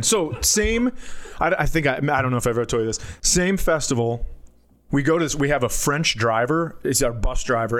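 A man, a podcast co-host and comedian, telling a story in casual chat and jumping high when he quotes people. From United States. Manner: animated storyteller, jumps to high voices for quotes.

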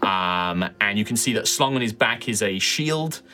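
A man's voice: lowish voice, lively intonation, moderate pace, pushed and bright. A man running a tabletop game as game master, describing characters with many ums and likes.

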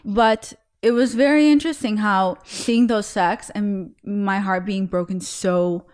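A woman's voice: mid-range voice, fairly even intonation, unhurried, a little mellow, smooth. A woman in her thirties hosting a podcast, telling personal stories openly and emotionally in casual chat. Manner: emotional, open storytelling.

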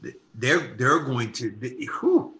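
A man co-hosting a podcast, talking basketball in a casual, emphatic way that turns loud and lively when he argues a point. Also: mid-range voice, takes it slowly. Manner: emphatic, gets loud and animated when arguing. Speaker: podcast co-host. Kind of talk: casual sports talk.

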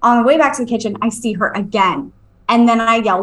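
A woman, a medium and podcast co-host, telling a story at home in a casual, animated way, swearing and checking in with her listener. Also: a little high, fairly quick, poor audio. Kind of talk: casual storytelling on a live stream.

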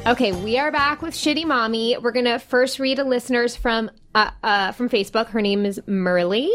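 A woman's voice: a little high, normal speed, fairly bright tone, faint music behind. A woman co-hosting a parenting podcast, chatting casually and reading listener stories aloud. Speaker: podcast co-host. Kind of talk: casual chat.

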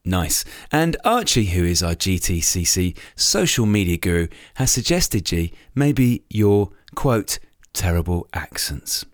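A man's voice: sits low, a little slow, hardly any pauses, dry recording, clean studio sound. A man co-hosting a cycling podcast, reading club notices in an upbeat, chatty way. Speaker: podcast co-host. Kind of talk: casual chat.

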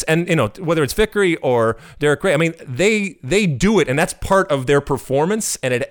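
A middle-aged man co-hosting a soccer podcast in casual chat, talking in animated bursts and often repeating words. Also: on the high side. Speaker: podcast co-host.

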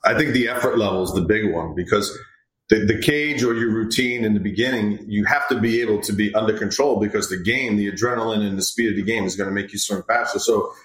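A man's voice: on the low side, quick pace. A middle-aged man, a hitting coach, talking casually and rambling a bit as he tells stories about players. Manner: relaxed, rambling, acts out quoted players. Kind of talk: casual interview chat. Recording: echoey room.

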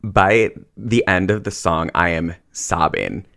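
A man's voice: low-pitched, slow, vocal fry, fairly bright tone. A man, a therapist co-hosting a podcast, telling chatty stories full of "like". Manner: chatty storyteller, heavy use of "like". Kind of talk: casual podcast chat.

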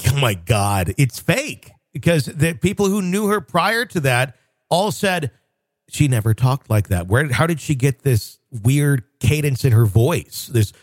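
A man's voice: mid-range voice, big pitch swings, a little slow, no echo, studio quality. Man co-hosting a chatty podcast. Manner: rambling, with frequent restarts and fillers. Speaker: podcast co-host. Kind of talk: casual conversational chat.

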